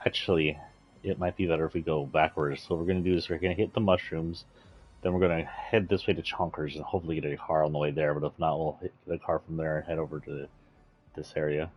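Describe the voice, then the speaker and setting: A low, husky male voice chatting casually as he streams a video game. He rambles in an offhand way and swears now and then. Faint music sits under his talk. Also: flat delivery, fast, muffled recording. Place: indoors, playing a video game.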